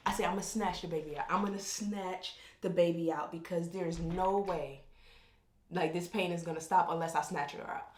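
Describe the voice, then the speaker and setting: A woman's voice: lowish voice, steady tone, normal speed. A woman vlogger telling a personal story in casual, candid talk that jumps around and keeps interrupting itself. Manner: rambling, self-interrupting, candid. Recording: roomy echo.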